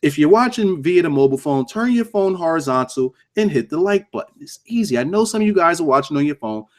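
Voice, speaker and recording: Profane, animated man hosting a stream. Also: fairly high pitch, quick pace. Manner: animated, profane, laughing, joking with chat. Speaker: wrestling livestream host. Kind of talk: casual livestream show review.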